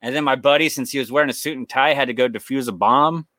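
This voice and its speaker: A young man on a casual podcast, telling long winding stories full of curse words. He acts out the people in them as he goes. His voice is bright and tense, recorded dry and close with no room sound. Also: mid-range voice, quick pace, dry recording. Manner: rambling storyteller, swears a lot, acts out quoted voices. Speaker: podcast co-host. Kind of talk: casual chat.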